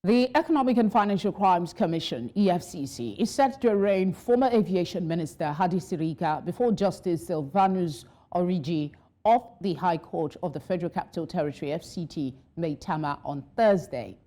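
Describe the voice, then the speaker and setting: A woman news anchor reads bulletins in a formal, measured way, with a somewhat low voice. She sounds polite and composed in a studio setting. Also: lively intonation, mellow. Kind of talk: scripted news reading.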